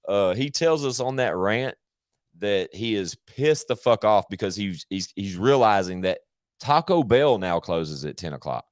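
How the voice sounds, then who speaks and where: Man, live streamer, low-pitched, slangy, heavy swearing, dry close sound. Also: lively intonation, unhurried, no room sound. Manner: profane, slangy, rambling. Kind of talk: casual rambling stream chat.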